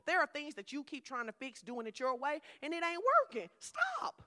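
A middle-aged woman preacher giving a lively, conversational sermon with humor. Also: high voice, brisk.

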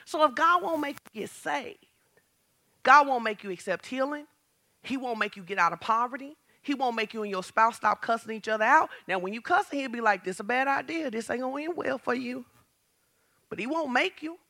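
A woman pastor preaching a lively sermon, asking the congregation questions and building to shouts. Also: on the high side, brisk. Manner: talks straight to the congregation with questions.

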